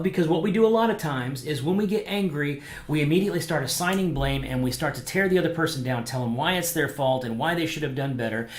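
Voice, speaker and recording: Animated pastor teaching in an echoey room. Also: male voice, a little high. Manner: animated, acts out quotes, conversational fillers. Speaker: pastor teaching a small group. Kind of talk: casual online Bible lesson. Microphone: microphone, streamed to viewers.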